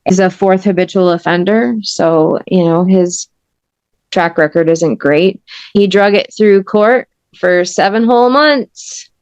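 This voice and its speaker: A woman's voice: fairly low pitch, darkish tone, smooth, no room sound, lo-fi sound. A woman guest telling her story in an interview, earnest and emphatic in a conversational way. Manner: earnest, emphatic, intense retelling. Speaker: podcast guest.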